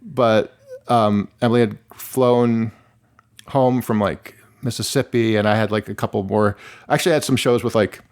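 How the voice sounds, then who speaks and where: A man's voice: lowish voice, steady tone, normal speed. A middle-aged man from Michigan, a musician guest, talking candidly and rambling with many restarts and fillers. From Michigan, USA. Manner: rambling, self-interrupting, many "like"s. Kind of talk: candid conversational interview.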